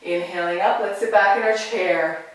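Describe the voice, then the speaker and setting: A yoga instructor guiding a class with short, calm, encouraging spoken cues. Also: medium pitch, normal speed. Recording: very echoey room, mic far off.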